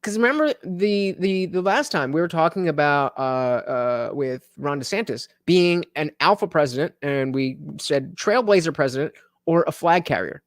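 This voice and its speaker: Dry-voiced man hosting a halting livestream. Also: on the high side, expressive, no echo. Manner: halting, many fillers and restarts. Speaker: livestream host. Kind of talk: casual political commentary reading live chat.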